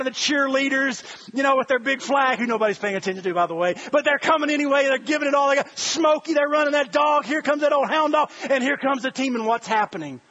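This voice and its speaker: A middle-aged man gives an animated, storytelling sermon, breaking into excited shouts. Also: extremely high pitch, lo-fi sound. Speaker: pastor.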